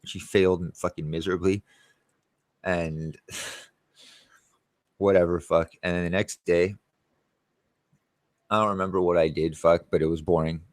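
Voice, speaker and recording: Low-voiced man telling a profane story. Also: steady tone, a little slow, pauses often, no echo. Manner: profane, rambling, quotes people in raised voices. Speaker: channel host. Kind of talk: casual storytelling monologue.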